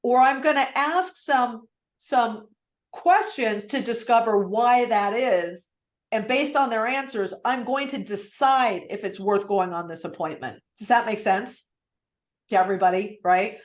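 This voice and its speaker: A lively woman coach running a call-script lesson on a video call, her voice a little higher than most. She talks with real energy and acts out what clients might say. The sound is roomy, with a clear echo. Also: unhurried.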